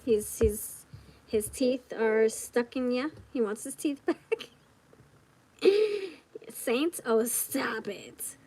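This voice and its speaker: A woman giving a casual tarot reading straight to the viewer, chatty and giggly, thinking out loud as she goes. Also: fairly high pitch, extremely slow, pauses often, rough recording. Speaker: tarot reader.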